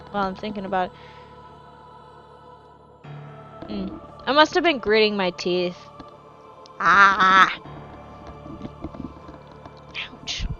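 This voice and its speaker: A woman's voice: medium pitch, a bit bright, muffled recording. A woman chatting casually while gaming, rambling and swearing freely in a jokey put-on accent. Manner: jokey put-on East Coast-style accent. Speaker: gaming streamer.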